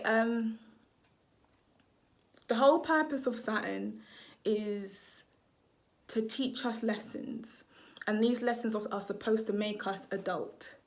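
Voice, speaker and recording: A woman's voice: on the high side, fairly bright tone. A woman gives a casual astrology reading to camera, talking off the cuff. She rambles, drifts off track and swears freely as she goes. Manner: rambling, swears freely, loses her train of thought.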